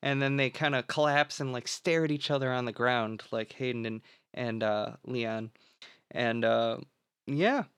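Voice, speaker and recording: A man's voice: mid-range voice, steady tone, measured pace, fairly bright tone, clean tone, dry recording, clean studio sound. A young man co-hosting a casual podcast, recapping a film plot in a rambling, filler-heavy way and swearing freely.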